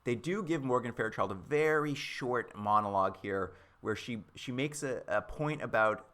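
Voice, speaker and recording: A man's voice: mid-range voice, normal speed. A man co-hosting a podcast, casually recapping a TV episode with sarcastic asides and acted-out quotes. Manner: animated, sarcastic, acts out quotes. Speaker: podcast co-host.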